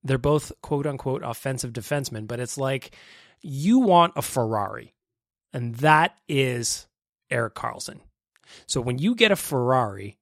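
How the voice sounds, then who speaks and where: A man hosting a casual sports podcast, animated and joking, swearing now and then. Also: a little high, no echo, studio quality. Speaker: podcast host.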